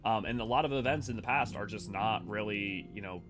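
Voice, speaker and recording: A man's voice: on the low side, a little fast, over music. A man hosting a lore channel, rambling through casual game commentary with many fillers. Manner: rambling, filler-heavy, animated.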